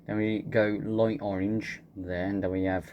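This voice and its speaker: A man's voice: lowish voice, little pitch movement, a little slow, a little mellow, highs cut off, a little hiss or hum. A man giving casual, joking gameplay commentary, laid-back and swearing freely. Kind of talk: casual let's-play commentary.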